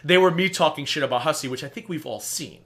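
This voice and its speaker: A man hosting a livestream, chatting casually and telling stories in an animated, profane way. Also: fairly high pitch, fast talker. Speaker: livestream host. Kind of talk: casual chat.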